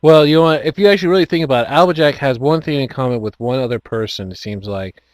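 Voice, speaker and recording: A man's voice: mid-range voice, quick pace, no echo. Rambling laughing male show host. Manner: rambling, many restarts, frequent laughter. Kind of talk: casual online show chat.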